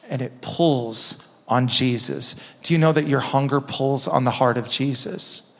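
A man preaching a sermon in a church, impassioned, repeating phrases and dropping low and soft for emphasis. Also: measured pace, vocal fry. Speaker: pastor. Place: church sanctuary. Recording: long reverb of a church hall.

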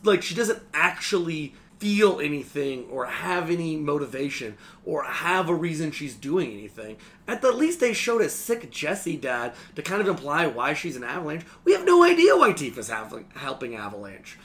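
A sarcastic young man co-hosts a casual game podcast and rants freely, swearing as he goes. His slightly high voice swings widely in pitch as he acts out bits of dialogue. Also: sing-song, moderate pace, few pauses, a bit bright. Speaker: podcast co-host. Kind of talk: casual game critique chat.

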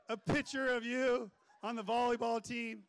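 A man preaching a lively, joking sermon to a room of listeners, acting out little voices as he goes. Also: very high-pitched, takes it slowly, smooth. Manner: animated, joking, acts out voices. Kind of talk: energetic sermon. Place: room with an audience.

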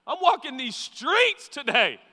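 A man doing a cocky, carefree healed guy who talks in breezy slang. The voice rides high and bright, bouncing all over in pitch. A long hall reverb trails every line. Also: sing-song, measured pace, heavily acted.

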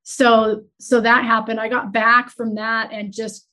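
A woman entrepreneur talking openly as a guest, retelling a stressful stretch in an earnest, emotional, halting way. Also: a little high, level tone, pushed and bright. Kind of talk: candid conversational storytelling.

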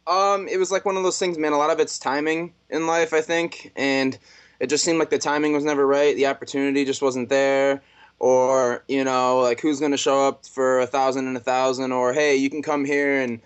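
A man being interviewed over a video call, casual and animated as he recounts stories. His pitch sits in a middle range, and his delivery stays relaxed throughout. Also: normal speed, clean tone. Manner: laid-back, animated storyteller. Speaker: fighter guest.

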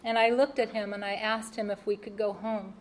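A woman telling a personal testimony, expressive and laughing at her own mishaps. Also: medium pitch, fairly quick, a little hiss or hum. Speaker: speaker sharing a personal testimony. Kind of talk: personal storytelling.

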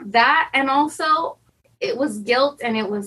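A woman's voice: sits high, expressive, a little slow, sharp tone, slightly rough, rough recording. A woman talking candidly in an interview as a karate student, anxious and rambling, often restarting and quoting her own worried thoughts. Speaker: karate student preparing for black belt.

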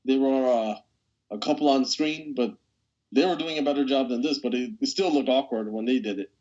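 A man's voice: mid-range voice, darkish tone. Rambling man on a dull recording. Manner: rambling, halting, crude jokes. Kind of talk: casual chat.

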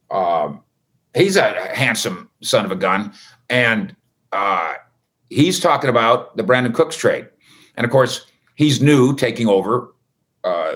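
A man's voice: mid-range voice, fairly bright tone. Chatty wisecracking male sports reporter. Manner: chatty, wisecracking, rambling asides. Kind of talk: casual recap monologue.

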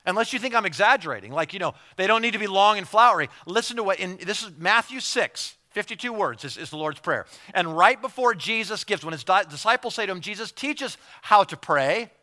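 A male pastor preaching with a bright, forceful tone and a voice pitched a little high. He keeps it chatty and animated, stumbling over repeated words and slipping into acted-out asides. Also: quick pace, hardly any pauses. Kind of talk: sermon.

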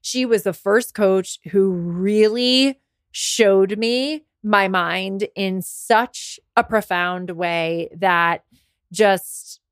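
Around forty, this woman, a business coach hosting her own podcast, tells a candid personal story and mentions being worn out and unwell. Her speech becomes emotional with many restarts, delivered extremely slowly in a mid-range voice, with clean, echo-free studio sound.

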